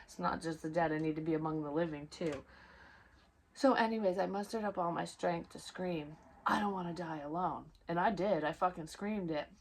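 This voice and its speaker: A woman's voice: on the low side, slight background noise, poor audio. A woman telling a personal story in a rambling, emotional and profane way, full of fillers. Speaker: vlogger. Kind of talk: casual storytelling.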